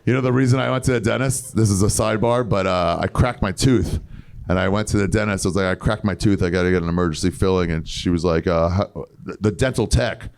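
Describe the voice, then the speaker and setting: Gravelly man doing stand-up for a crowd. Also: sits low, fast, a little mellow. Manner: loose, wry storytelling with crude punchlines. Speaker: stand-up comedian. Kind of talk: improvised stand-up crowd work. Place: large comedy club main room. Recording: live club with crowd laughter. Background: audience laughter.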